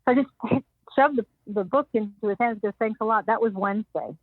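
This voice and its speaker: A woman's voice: on the high side, fast talker, dry recording. An older woman as an interview guest, telling anecdotes animatedly and acting out the lines of others. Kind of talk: storytelling interview. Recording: dry tinny phone-like sound.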